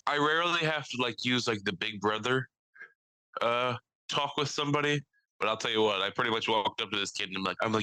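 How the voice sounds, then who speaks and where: A man's voice: on the low side, a little fast, bright, forceful tone, no room sound, poor audio. A young man with a New York accent, a podcast co-host telling work stories in casual chat and laughing often. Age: young adult. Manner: storytelling, laughs often, quotes people in put-on voices.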